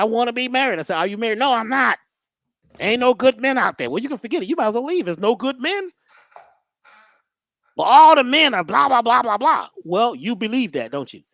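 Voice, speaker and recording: A woman's voice: fairly high pitch, sing-song, quick pace, pauses often, no echo, clean studio sound. A woman giving a preachy motivational talk as a guest, full of rhetorical questions, repeated phrases and slang. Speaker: guest teacher on mindset and healing.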